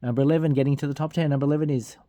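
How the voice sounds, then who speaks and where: A man's voice: fairly high pitch, fairly even intonation, rapid-fire, mellow, dry recording. Man, casual song countdown, half-sung titles, laughs at slips, dry close sound. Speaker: vlogger counting down a song chart.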